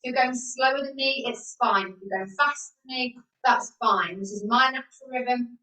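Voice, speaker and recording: A woman's voice: on the high side, moderate pace, bright, forceful tone, distant mic. A woman fitness instructor leading an exercise class over a video call, encouraging and counting out the moves. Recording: echoey room, away from the mic.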